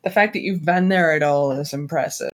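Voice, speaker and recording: A podcast co-host in casual chat, blunt and quick to correct others, swearing freely. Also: mid-range voice.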